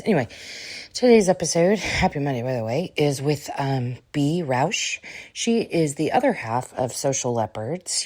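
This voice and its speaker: A woman's voice: low-pitched, warm tone. A woman hosting a podcast who is out of breath, talking casually in a rambling, self-deprecating way. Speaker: podcast host.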